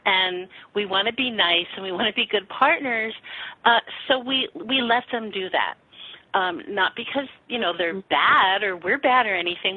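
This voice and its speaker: A woman sexuality teacher answering interview questions frankly and warmly, acting out little quotes as she explains. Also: medium pitch, husky, dry recording. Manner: frank, animated, acts out quotes with laughs. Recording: tinny phone-line sound.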